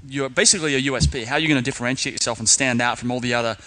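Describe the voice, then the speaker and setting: A man's voice: mid-range voice, very fast, bright, forceful tone. An Australian man hosting a podcast interview, chatting casually and a little self-consciously about his careful on-air diction. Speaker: podcast host.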